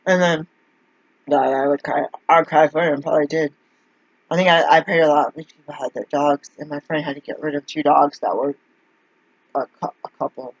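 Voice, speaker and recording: A woman's voice: sits low, slightly rough, no room sound. Rambling woman, dull lo-fi sound. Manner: meandering storytelling with many fillers. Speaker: vlogger. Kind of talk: casual rambling monologue. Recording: dull lo-fi dry recording.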